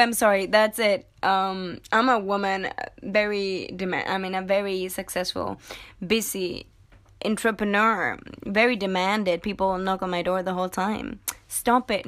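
A woman's voice: medium pitch, fairly bright tone. A woman hosting a casual solo podcast, reading viewer comments aloud with sarcastic asides and frequent laughter. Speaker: podcast host.

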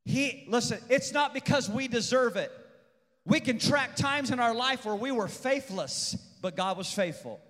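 High-voiced preacher man in a reverberant hall. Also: expressive, measured pace. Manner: swings from shouting to hushed, intense delivery; repeats phrases for emphasis. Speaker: pastor. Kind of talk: preached sermon.

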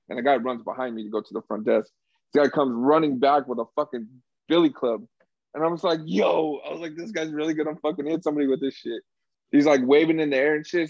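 A young man telling a story in a casual chat, swearing a lot and loudly acting out the people he quotes. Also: medium pitch, no echo. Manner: animated, profane, acts out quotes loudly. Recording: dull lo-fi sound.

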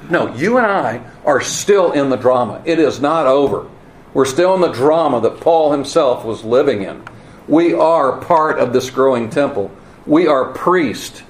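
A man preaching a teaching sermon, earnest and emphatic, with wry asides and halting repeats. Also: fairly high pitch, expressive. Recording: roomy echo, faint ambience.

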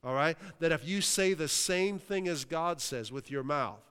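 In an expressive, measured sermon, a Western Pennsylvania pastor speaks with a smooth, resonant voice pitched a little high for a man. He shouts hallelujah between points and repeatedly asks whether the room is with him, as a large hall's long reverb carries his voice.

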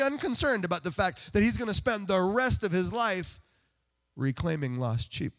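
A man's voice: high-pitched, animated, moderate pace, a bit bright. A man preaching a sermon in a conversational, self-deprecating way, putting rhetorical questions to the congregation. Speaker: pastor.

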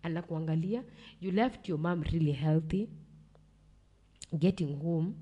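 Low-voiced young Kenyan woman, emotional. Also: measured pace, dark tone. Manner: mixes English and Swahili slang, blunt, swears. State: emotional, near tears. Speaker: podcast guest. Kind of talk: emotional personal storytelling.

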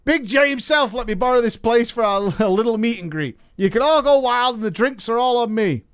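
Smarmy goblin boss guy, as a man does the voice, high-pitched and slick, talks like a salesman. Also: animated, brisk, smooth. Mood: boastful. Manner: smarmy, showy salesman patter. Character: scheming fast-talking male goblin boss.

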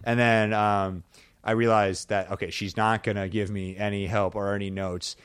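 A man with a lowish voice and a bright, forceful edge tells rambling, self-mocking stories in loose podcast banter. The sound is dry and close. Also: little pitch movement, clear, resonant tone, no room sound. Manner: rambling, self-deprecating, quick asides. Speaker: podcast guest, comedy writer. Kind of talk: casual comedic podcast chat.

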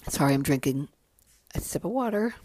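A woman's voice: low voice, animated, fairly quick, warm tone, a little hiss or hum. A tired middle-aged woman hosting her own podcast, talking candidly and rambling, with plenty of swearing and ums. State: tired, yawning. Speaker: podcast host. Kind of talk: casual solo podcast chat.

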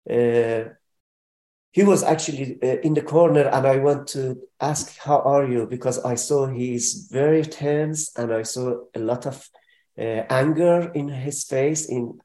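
Halting man in a roomy space. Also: medium pitch, dark tone. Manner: halting speech with many fillers and restarts. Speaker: guest describing relief work. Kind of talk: emotional personal testimony. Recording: roomy echo.

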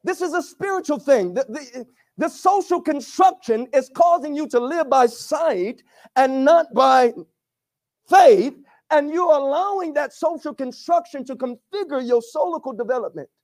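A pastor preaching a sermon with call-and-response to his congregation, often rising to shouts. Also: very high-pitched, expressive, unhurried.

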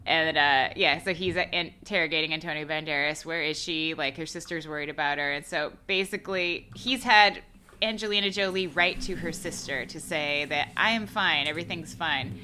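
A woman chats casually on a podcast, picking apart a film with sarcasm and frequent laughter. Her voice is bright and forceful. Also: low voice, moderate pace, a little hiss or hum. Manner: chatty, sarcastic, laughs often. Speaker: podcast co-host. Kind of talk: casual movie review chat.

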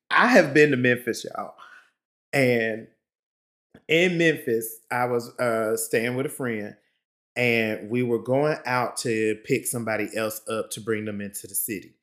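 Podcast guy telling a story, middle pitch, laughs a lot, says honey, gets loud then goes low and quiet. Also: normal speed. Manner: chatty and expressive, laughs often, calls listeners honey and child; swings from lively bursts to low, quiet reflection. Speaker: podcast host. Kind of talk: casual storytelling.

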